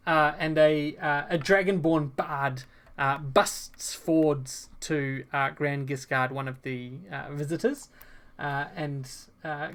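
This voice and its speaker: A woman's voice: low-pitched, fairly even intonation, a little slow. A woman narrating a tabletop game as game master, rambling with many fillers and self-corrections.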